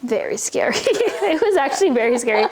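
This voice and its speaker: Animated woman podcast co-host, fairly high. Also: quick pace. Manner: animated, self-mocking storyteller who laughs often. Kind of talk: casual chat.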